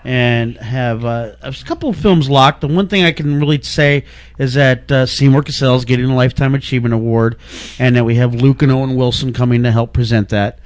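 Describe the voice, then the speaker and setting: A man's voice: medium pitch, fairly quick, dry recording. A man, a film festival programmer, talking as a guest in a casual podcast chat and rambling through restarts. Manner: rambling, restarts mid-sentence. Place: Los Angeles.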